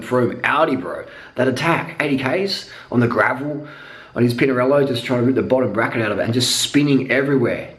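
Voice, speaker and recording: A man delivering a profane, rambling cycling rant with emphatic repetition. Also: mid-range voice. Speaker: cycling vlogger. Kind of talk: unscripted monologue rant. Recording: echoey room.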